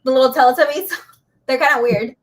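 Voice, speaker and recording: A woman's voice: high-pitched, a little fast. A woman co-hosting a podcast in casual chat, talking loosely with lots of filler words. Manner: chatty, full of "like" fillers. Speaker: podcast co-host.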